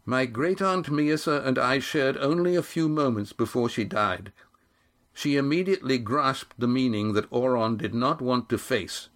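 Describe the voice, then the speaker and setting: A man's voice: medium pitch, normal speed, a bit bright, pitched above the performer's own voice, lightly acted. A man voicing a young seafaring grandson who speaks earnestly and declaims a proclamation.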